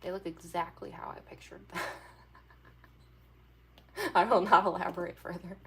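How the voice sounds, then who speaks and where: Casually chatting during her drawing livestream, a young woman giggles often and wanders through her words with many fillers. Her voice is mid-range, with a little hiss or hum.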